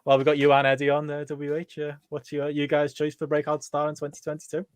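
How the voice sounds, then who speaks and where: Man, podcast co-host, fast chatty delivery, slightly high voice, dry sound. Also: completely flat delivery, dry recording. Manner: quick and chatty, reading listener questions. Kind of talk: casual podcast chat.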